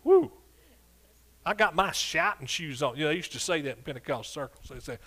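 A man's voice: a little high, animated, sharp tone. An older man preaching a sermon in a church, exuberant and punctuated with hallelujahs and whoops. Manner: sings scripture in a slow drawn-out way. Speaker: pastor. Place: church sanctuary.

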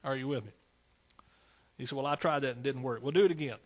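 A man's voice: mid-range voice, fast talker. A man preaching a fervent sermon, calling out to his congregation.

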